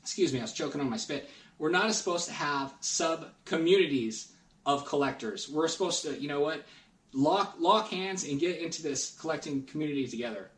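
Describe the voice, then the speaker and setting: A man's voice: on the high side, expressive, normal speed, a bit bright. Rambling man on a roomy distant mic. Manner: rambling, earnest, many restarts. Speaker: guest collector. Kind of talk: casual podcast chat.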